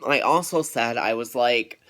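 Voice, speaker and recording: A young man talks straight to his audience in a casual vlog update, rambling and irritated as he retells a frustrating phone call. His voice is bright and forward, sitting at a middle pitch for a man. He is feeling unwell. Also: a little slow. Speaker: vlogger.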